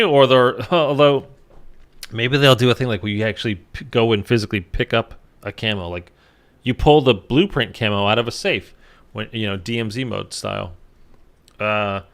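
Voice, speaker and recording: Sleepy rambling man with a middle pitch. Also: vocal fry, a bit bright. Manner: rambling, frequent fillers, sweary. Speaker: gaming YouTuber. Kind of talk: casual commentary to viewers.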